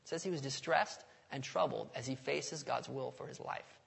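With a gravelly, slightly rough voice of medium pitch and fairly bright tone, a pastor preaches at a moderate pace. His sermon is conversational and full of questions to the congregation, echoing with the long reverb of a big hall.

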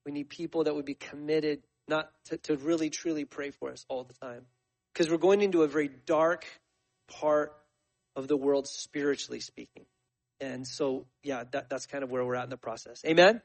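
Speaking to his congregation, a missionary in his forties gives a story-driven sermon testimony, restarting often and leaning on fillers. Pitched on the high side, he keeps a fairly even intonation at a normal speed over a rough recording.

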